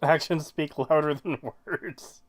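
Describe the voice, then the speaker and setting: A man's voice: fairly high pitch, fairly even intonation, takes it slowly. A man chatting casually on a podcast, with dry, sarcastic quips. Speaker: podcast co-host. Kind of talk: casual chat.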